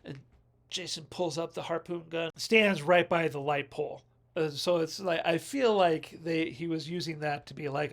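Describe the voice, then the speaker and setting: A man's voice: a little high, steady tone, normal speed, vocal fry, fairly bright tone. A man rambling through a casual, jokey film review on his own video channel.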